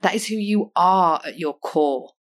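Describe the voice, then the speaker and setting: A woman's voice: lowish voice, measured pace. A woman with an English accent, hosting a podcast and speaking as a coach in an earnest, emphatic motivational monologue full of rhetorical questions. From United Kingdom. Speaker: podcast host and personal coach.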